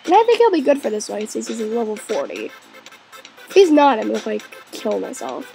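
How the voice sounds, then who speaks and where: A woman hosting a let's play, chatting excitably as she plays, cheering her character on and sometimes dropping into a whisper. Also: fairly high pitch, fairly quick, vocal fry, soft background music. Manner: drops into whispers now and then. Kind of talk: gaming commentary.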